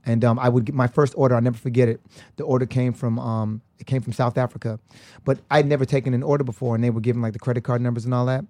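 A young American man, a podcast guest, telling stories in a casual, animated way with lots of slang and frequent laughs. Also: mid-range voice, racing. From United States. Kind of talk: casual storytelling.

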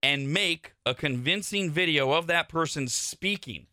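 A man's voice: on the high side, measured pace, sharp tone, no echo. A man hosting a talk radio show, explaining things bluntly and with opinion, on a studio microphone.

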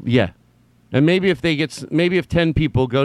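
A man giving an unscripted personal monologue, rambling with stammered restarts and blunt swearing, swinging from quiet musing to loud impassioned ranting. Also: on the high side, normal speed, dry recording.

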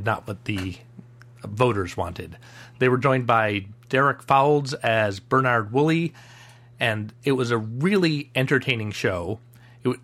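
A man on a podcast panel, explaining his recommendations in a measured way. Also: medium pitch, a bit bright. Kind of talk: casual panel chat.

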